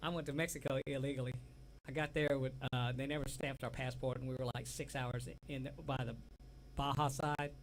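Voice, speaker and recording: This co-host of a casual talk show speaks with a Southern US accent, a medium pitch and little pitch movement, at a fairly quick pace. Laughing easily, he tells meandering stories and trails off mid-sentence. The low-quality recording has a little hiss or hum.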